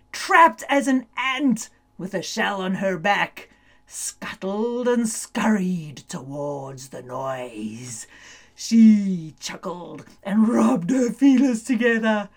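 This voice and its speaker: Slow, playful woman storyteller. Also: medium pitch. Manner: animated, playful, often laughing and building suspense. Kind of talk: children's storybook narration.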